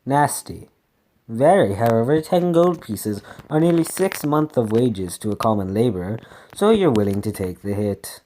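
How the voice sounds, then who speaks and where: A man's voice: medium pitch, animated, normal speed, warm tone, a little hiss or hum. A man casually reading a solo adventure gamebook aloud, stumbling over words and breaking off for chatty asides.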